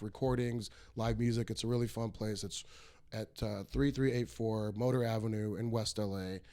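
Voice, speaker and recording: A man hosting a comedy podcast in a studio, chatting in a relaxed, easygoing way. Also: medium pitch, clean tone. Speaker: podcast host. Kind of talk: casual chat.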